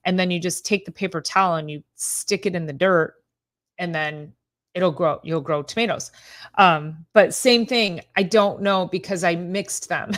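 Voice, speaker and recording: A middle-aged woman hosting a casual live-stream chat as a chiropractor. She rambles, laughs often and talks straight to her viewers by name. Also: lowish voice. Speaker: host, chiropractor.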